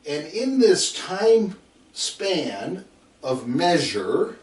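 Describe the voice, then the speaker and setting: A middle-aged football coach delivers a coaching lecture in a man's voice that is slightly high, mellow, and extremely slow, with big swings in pitch. He is emphatic and repetitive, calling out drills again and again while telling stories and acting out his players. A distant mic gives the recording a roomy sound.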